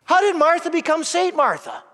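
A man's voice: extremely high pitch, fairly quick, sharp tone. A male priest giving a sermon in a church, emphatic and asking the congregation rhetorical questions. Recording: long church reverb.

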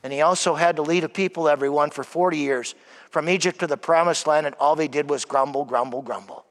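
A man preaching a sermon, emphatic, often calling out to "everyone", sometimes dropping to a soft hush. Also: on the high side, brisk. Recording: long hall reverb.

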